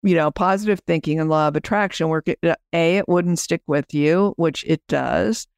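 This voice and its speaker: A woman who hosts a podcast and works as a business coach chats about her program and walks listeners through an exercise. Her deep, gravelly voice moves at a normal speed, and the studio-quality recording is dry.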